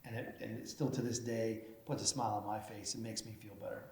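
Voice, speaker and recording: A man's voice: on the low side, flat delivery, brisk. Folksy middle-aged man in an echoey hall. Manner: folksy storyteller, hesitant fillers. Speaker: mayor, award recipient. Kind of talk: acceptance speech with anecdotes. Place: large event hall. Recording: echoey hall, faint noise.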